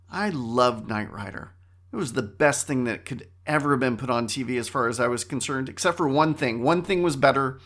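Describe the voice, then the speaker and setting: Hosting a casual podcast on his own, this middle-aged man speaks in a mid-range voice. His delivery is animated and wry, frequently cutting itself off mid-thought.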